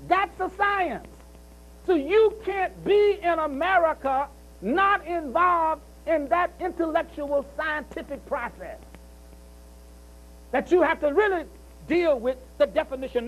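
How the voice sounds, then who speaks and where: A man's voice: very high voice, a bit bright, poor audio. A man giving a preaching-style speech at a commemorative celebration, hammering his points with repetition and rhetorical questions.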